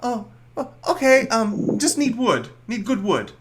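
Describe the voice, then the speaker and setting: A man voicing a tiny, timid male creature who is skittish and shy of sunlight, speaking in a halting way. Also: sing-song, exaggerated voice. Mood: flustered. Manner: squeaky, hesitant and halting.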